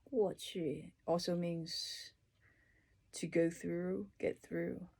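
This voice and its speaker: A woman tutor works her way through a dictionary, explaining each word with simple examples and the odd soft aside. Her voice is slightly low and a little husky. She talks slowly and without hurry. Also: steady tone. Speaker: language tutor. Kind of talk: casual dictionary read-through.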